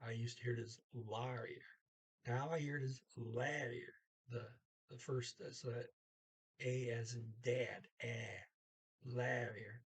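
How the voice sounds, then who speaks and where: A man tutoring a language lesson in a casual, halting way, sounding out each foreign word slowly and then translating it, with frequent pauses as he thinks aloud. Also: mid-range voice, fairly even intonation, gravelly, slightly rough.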